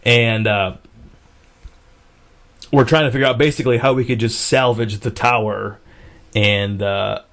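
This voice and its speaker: A man's voice: mid-range voice, fairly even intonation, measured pace, pauses often, a bit bright. Profane rambling man telling a story. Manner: profane, rambling with fillers and restarts. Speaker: podcast host. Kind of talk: casual storytelling.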